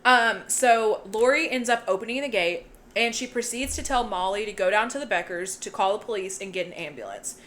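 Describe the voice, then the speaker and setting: A woman's voice: mid-range voice, a little fast, hardly any pauses, a bit bright. A woman co-hosting a podcast, casually recapping a horror movie with lots of swearing and joking. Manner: profane, laughing, retelling plot with put-on quotes. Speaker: podcast co-host.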